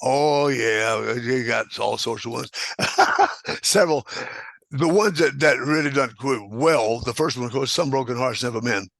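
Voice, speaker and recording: A man's voice: mid-range voice, measured pace, creaky, a bit bright, no room sound. An older man, a guest telling rambling anecdotes with chuckles and restarts. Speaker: guest square dance caller. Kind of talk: casual storytelling interview.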